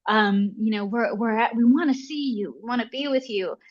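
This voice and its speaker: A woman guest telling a personal story in conversation, animated and full of fillers like "like" and "you know". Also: a little high, normal speed, lo-fi sound. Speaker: podcast guest.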